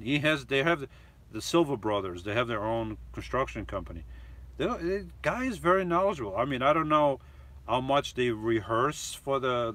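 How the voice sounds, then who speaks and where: A man's voice: medium pitch, fairly bright tone. A man hosting a live stream from a camper van, reading viewer comments aloud and chatting about them in a loose, rambling way.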